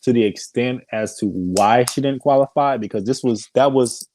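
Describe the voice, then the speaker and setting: A man co-hosting a podcast in casual chat, animated and slangy, with lots of hesitant restarts. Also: mid-range voice, moderate pace, slight background noise, rough recording. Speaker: podcast co-host.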